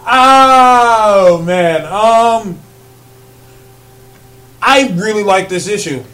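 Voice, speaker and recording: A man co-hosting a casual podcast chat, animated, laughing often and filling pauses with ums. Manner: rises loud and high when excited. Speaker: podcast co-host.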